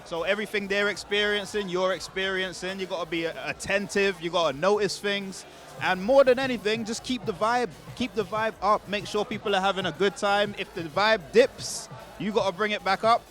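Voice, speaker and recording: A male comedy MC explains his craft in an earnest, advice-giving way. His voice is notably high, with faint music in the background outside. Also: fairly even intonation, fairly quick, a bit bright. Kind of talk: reflective interview answer.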